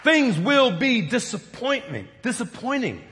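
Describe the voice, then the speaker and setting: A middle-aged man preaching a sermon, telling stories and swinging from soft, quiet passages to loud, emphatic peaks. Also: extremely high pitch, sing-song, a little slow, long reverb tail, some chatter behind, slight background noise. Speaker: pastor.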